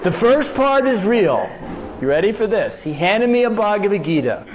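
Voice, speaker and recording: Over a noisy crowd and heavy background noise, a high-pitched older American man speaks at normal speed on a lo-fi recording. He's a guest speaker in a lecture hall, joking and animated as he acts out the dialogue of his story.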